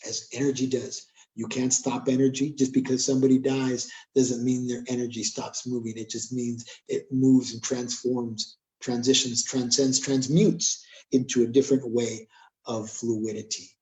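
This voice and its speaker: A man's voice: mid-range voice, level tone, normal speed, darkish tone. A man from California giving an emphatic spiritual talk, chanting phrases in rhythmic repetition. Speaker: spiritual drum healer. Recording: roomy echo.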